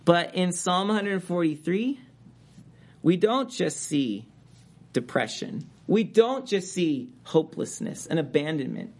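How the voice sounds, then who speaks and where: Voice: medium pitch, expressive, unhurried, darkish tone. A preacher giving a conversational expository sermon, stressing key words with sudden rises.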